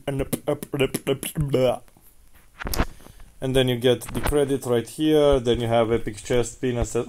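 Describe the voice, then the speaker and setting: Male gamer, mid-range voice, crude and excitable play-by-play commentary. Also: medium pitch, slight background noise, poor audio. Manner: crude, excitable, yells hype callouts. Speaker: gameplay commentator. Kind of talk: casual gameplay commentary.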